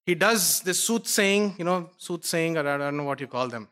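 A fretful, excitable soothsayer, as a preacher puts him on, his voice pitched a little high as he frets aloud. He is greedy and wavering, and the telling stays plain and close. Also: normal speed. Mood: scornful.

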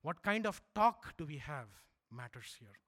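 A middle-aged preacher from India speaks unhurriedly with big pitch swings, moving from loud, emphatic lines to quiet, low asides during his sermon.

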